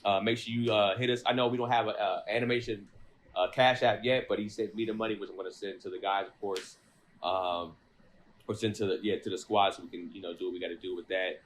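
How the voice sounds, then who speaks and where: A man co-hosting an anime podcast in casual chat, laid-back and quick to laugh. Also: lowish voice, steady tone, slight background noise. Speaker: podcast co-host.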